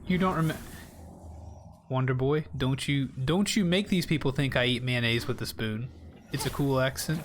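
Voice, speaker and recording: A man's voice: mid-range voice, normal speed, a little hiss or hum. A man with a Southern US accent, rambling in casual live gameplay commentary and chatting straight to his viewers. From Southern United States. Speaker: streamer.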